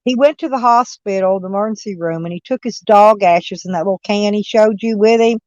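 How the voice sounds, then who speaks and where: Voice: mid-range voice, brisk, a little mellow, no room sound, muffled recording. A person telling a story in casual livestream chat, rambling and stumbling over restarts.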